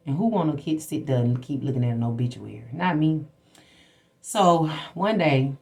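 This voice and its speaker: A woman's voice: rumbling low, darkish tone. A woman hosting a spiritual livestream, telling personal stories in a blunt, profane, preachy way. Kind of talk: casual spiritual talk to viewers.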